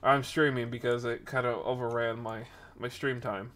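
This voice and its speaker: A man in his twenties hosting a podcast and livestream, telling stories in casual chat, full of fillers and sudden jumps in loudness. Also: mid-range voice. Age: 20s. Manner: animated, filler-heavy, quick shifts in loudness. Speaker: podcast host and streamer.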